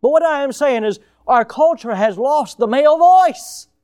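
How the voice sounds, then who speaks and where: High-pitched preaching older man. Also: expressive, moderate pace, darkish tone. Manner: preaching with emphatic rises and sudden drops. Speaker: pastor. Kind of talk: sermon.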